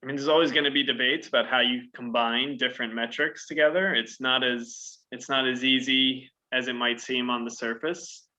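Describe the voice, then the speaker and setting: A man who teaches economics, giving measured, thoughtful opinions in a casual discussion. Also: mid-range voice, fairly even intonation, pushed and bright, highs cut off.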